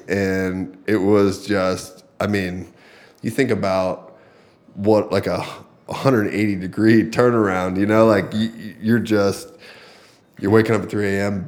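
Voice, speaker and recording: Guy on a podcast telling a story, slightly low voice, keeps quoting people and laughing. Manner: lively anecdote-telling, quoting others with laughs and fillers. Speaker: podcast guest, fighter. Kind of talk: casual storytelling in conversation.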